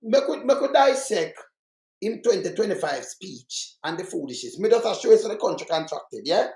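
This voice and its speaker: A man's voice: high-pitched, sing-song, normal speed, darkish tone, reverberant. A Jamaican man giving heated political commentary, fiery and mocking, repeating himself for emphasis.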